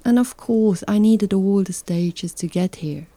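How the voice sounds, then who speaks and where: A woman speaking in a slow, reflective narration, calm and unhurried. Her voice is dark and mellow, a little low, and the sound is dry and close. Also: dry recording. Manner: slow, calm and reflective, with soft whispered asides.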